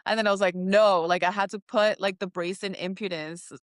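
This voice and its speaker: A woman co-hosting a casual spiritual podcast, animated, laughing often and acting out her own inner voices. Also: medium pitch, fairly quick, no echo, studio quality. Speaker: podcast co-host.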